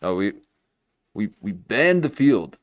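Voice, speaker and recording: A man hosting a casual livestream, making dry, deadpan asides. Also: fairly low pitch, takes it slowly, no room sound. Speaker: podcast host.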